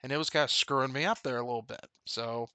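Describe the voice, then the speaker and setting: A man's voice: medium pitch, fast talker, bright, forceful tone, clean tone, dry recording. A man in a candid, rambling personal video update about a dream and his grief. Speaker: vlogger.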